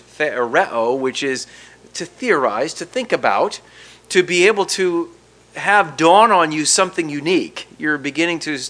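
A man preaching a verse-by-verse sermon with an expressive delivery that swings from emphatic to hushed. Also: fairly high pitch.

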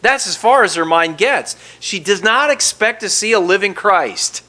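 Bright-voiced male preacher, dramatic swings. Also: sits high, moderate pace. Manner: expressive preaching, swinging from hushed to loud. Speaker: pastor. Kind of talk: sermon.

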